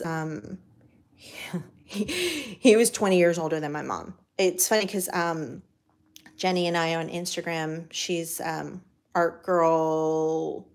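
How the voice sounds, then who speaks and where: American lady chatting while she crafts, kinda low voice, rambly with lots of ums, voice a bit worn out. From United States. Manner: rambling, chatty, many fillers and restarts. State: voice cracking from talking. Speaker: craft vlogger. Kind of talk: casual chat while crafting.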